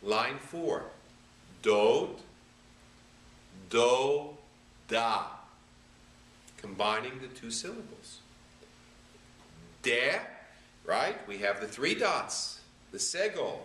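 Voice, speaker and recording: A rabbi patiently sounding out syllables one by one in a slow reading lesson. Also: male voice, mid-range voice, sing-song, bright, forceful tone. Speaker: rabbi teaching Hebrew reading. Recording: echoey room, voice a bit far from the mic.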